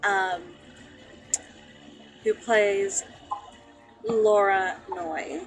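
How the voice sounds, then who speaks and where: A woman's voice: medium pitch, fairly even intonation, drawn-out words, faint music behind, rough recording. A woman hosting as game master, introducing the players and brushing things off with a reassuring "it's fine.". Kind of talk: casual tabletop game banter.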